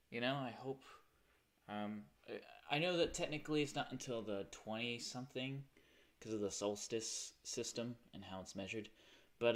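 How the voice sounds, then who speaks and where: A young man talks loosely to his viewers at the start of a home game stream. His voice sits a little low, and he wanders from thought to thought, catching and correcting himself as he goes. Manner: rambling and chatty, often correcting himself. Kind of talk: casual livestream chat.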